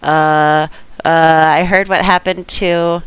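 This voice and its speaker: A woman's voice: sits low, fairly even intonation, slow, smooth, dry recording. A woman playing a tabletop game, coaxing another character in an earnest, persuasive way. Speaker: player.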